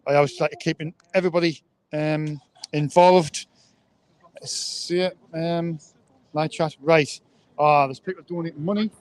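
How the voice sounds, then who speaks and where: Brief: man, live host outdoors on a handheld mic, high and chatty, keeps repeating himself. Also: fairly even intonation, measured pace, long pauses. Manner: chatty, rambling, repeats words. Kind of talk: casual live chat. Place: outdoors, windy.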